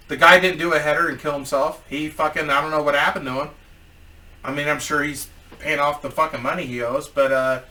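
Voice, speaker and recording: A man's voice: a little high, pushed and bright, recorded from a distance. A man telling a story in a casual, profane, rambling vlog as a YouTuber.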